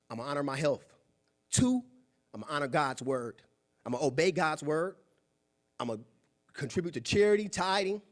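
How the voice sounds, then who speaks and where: A young man giving a preachy, animated motivational talk at a club meeting, acting out quoted voices. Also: fairly high pitch. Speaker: guest speaker. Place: meeting room.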